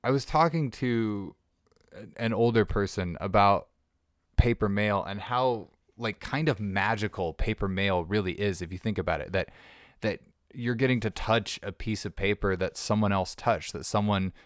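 A man hosting a podcast, chatting loosely and jokily and often restarting his sentences. His voice sits on the low side and sounds smooth and resonant. The studio recording is dry and close. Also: moderate pace, no echo. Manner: rambling, self-interrupting, jokey. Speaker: podcast host. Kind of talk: casual monologue.

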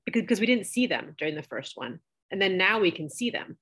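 A woman's voice: medium pitch, very animated, brisk, a bit bright. Questioning woman podcaster, light laughs. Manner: asks questions, laughs lightly between remarks. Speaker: podcast co-host. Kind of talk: casual chat.

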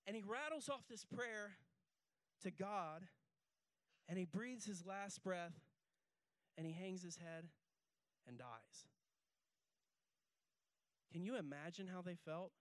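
High-voiced preacher, impassioned and building. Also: male voice, takes it slowly, long pauses, dry recording. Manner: impassioned, building repetitive refrains; leads the congregation in call-and-response. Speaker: pastor. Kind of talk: sermon. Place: church service. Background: faint guitar music.

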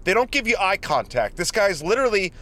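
A man's voice: high-pitched, sing-song, brisk, bright, forceful tone. A man co-hosting a podcast in casual chat while driving, jokey and rambling, talking into a studio dynamic mic in his car. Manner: jokey, rambling, easily sidetracked. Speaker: podcast co-host.

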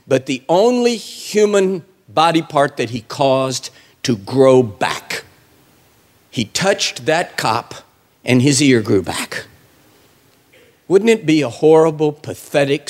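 Animated high-voiced man preaching. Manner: animated storytelling, acts out voices with big pitch swings; colloquial, humorous. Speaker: guest preacher. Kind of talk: sermon.

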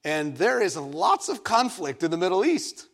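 A man from Egypt preaching a sermon, telling a story in an animated, playful way with self-mocking asides. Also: sits high, moderate pace. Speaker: pastor.

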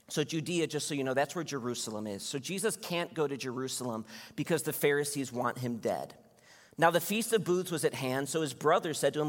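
A male pastor preaching a sermon, telling a personal story in a lively storytelling manner before reading scripture. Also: mid-range voice, a little fast. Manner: storytelling, animated when recounting anger. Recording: long hall reverb.

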